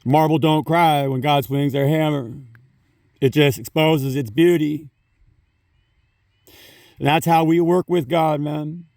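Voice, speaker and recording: A man's voice: fairly high pitch, fairly even intonation, slow pace, long pauses, darkish tone, dry recording, studio quality, distant mic. A man giving a casual spiritual talk on his phone, rambling, swearing freely and saying "you know" often. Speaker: spiritual vlogger.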